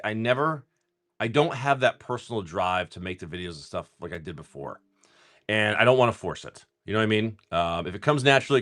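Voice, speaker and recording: A man's voice: fairly low pitch, sharp tone. A man hosting a livestream, chatting casually and profanely while opening trading card packs. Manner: laid-back, rambling and profane, lots of restarts. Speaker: card-breaking livestream host.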